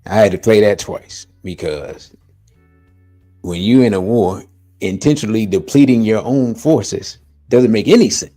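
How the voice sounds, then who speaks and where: A man hosting a casual discussion, reacting with relaxed short remarks. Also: lowish voice, unhurried, faint music behind. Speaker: host.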